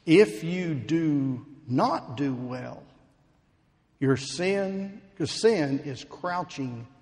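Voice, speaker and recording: A man preaching a sermon, slow and emphatic, building to fervent pleading. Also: medium pitch. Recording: long hall reverb.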